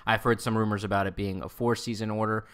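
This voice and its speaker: Rambling man with a lowish voice. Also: little pitch movement, fast talker, a bit bright, clear, resonant tone. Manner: rambling, many fillers and self-corrections. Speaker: Star Trek news commentator. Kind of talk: casual video commentary.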